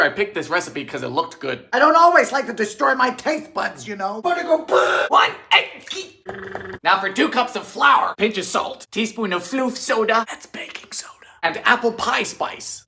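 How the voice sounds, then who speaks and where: A young man hosting a home baking video, telling dry jokes between recipe steps and breaking into sudden loud outbursts. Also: high voice. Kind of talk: comedic cooking narration. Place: home kitchen.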